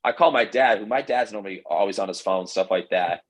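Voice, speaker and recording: A young man, a pro baseball pitcher, telling his story in a casual interview, rambling with lots of fillers and quoted dialogue. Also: brisk, low-quality recording. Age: young adult.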